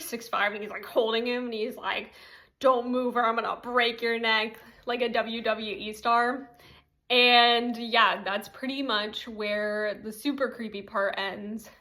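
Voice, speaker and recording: Young woman, slightly high voice, chatty recap host with filler-heavy, giggly delivery. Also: pushed and bright. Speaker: TV recap commentator. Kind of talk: casual TV recap commentary.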